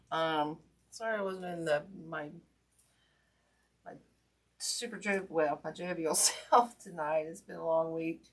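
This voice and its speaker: A woman with a somewhat low voice chats through a wreath-making livestream. She is folksy and rambling, full of ums, and thanks her viewers by name. A hurt hand is giving her pain. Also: steady tone, measured pace, pauses often. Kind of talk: casual livestream chat while crafting.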